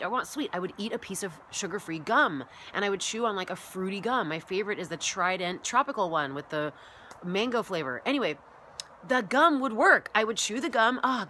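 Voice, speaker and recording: A woman's voice: medium pitch, pushed and bright, slight background noise. A woman vlogging as a wellness coach, rambling and chatty, often acting out her own past thoughts. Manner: rambling and chatty, full of "like" and "you know". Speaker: massage therapist and wellness coach. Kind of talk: casual vlog monologue.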